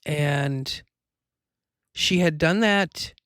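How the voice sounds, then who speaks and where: A woman's voice: low voice, drawn-out words, fairly bright tone, clear, resonant tone, dry recording, clean studio sound. A woman hosting her own show, telling a personal story in a rambling, emotional way with many fillers. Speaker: host.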